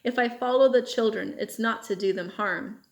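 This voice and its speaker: A woman's voice: fairly high pitch, moderate pace, creaky, darkish tone. A woman reading the lines of a desperate young male captive soldier in a storybook, pleading and insistent.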